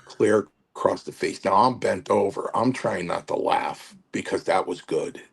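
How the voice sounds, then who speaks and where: A man's voice: deep voice, unhurried, gravelly, husky. A man in his sixties, a retired pro wrestler and guest, telling stories casually and acting out the quotes with lots of fillers. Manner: animated, acts out quotes, many fillers. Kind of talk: casual storytelling.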